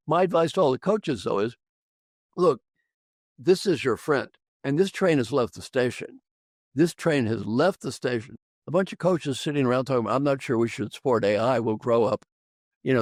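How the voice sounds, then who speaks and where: A man's voice: mid-range voice, no echo, studio quality. An older man, an executive coach on a podcast, talking emphatically and repeating phrases for effect. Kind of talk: animated conversational storytelling.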